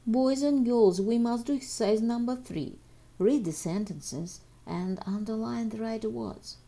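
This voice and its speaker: Slightly high and mellow, this woman's voice moves a little slowly. She is an English teacher whose first language is Russian, reading homework exercises and answers to children and addressing them directly in a recorded walkthrough.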